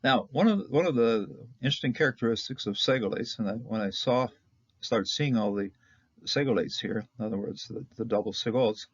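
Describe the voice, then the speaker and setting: A man's voice: lowish voice, breathy edge, dry recording, lo-fi sound. A man teaching Hebrew grammar in an informal lecture, chatty, often chuckling and checking in with "okay?".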